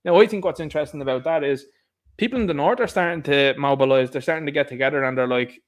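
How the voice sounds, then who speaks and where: Irish male commentator, higher-pitched, sarcastic and lively, casual solo rant. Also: quick pace. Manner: animated, sarcastic, laughs at his own jokes. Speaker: political commentator. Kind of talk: casual political monologue.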